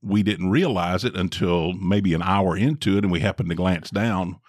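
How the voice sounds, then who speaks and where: A middle-aged man co-hosting a podcast, telling a story in a dry, drawn-out way with wry emphasis. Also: deep voice, a little mellow, dry recording. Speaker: podcast co-host. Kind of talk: casual storytelling chat.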